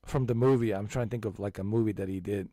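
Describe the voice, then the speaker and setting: A man in his forties chatting casually as a channel host, animated and emphatic, restarting his sentences often. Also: fairly low pitch, quick pace, dry recording, studio quality. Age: 40s. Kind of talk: casual chat.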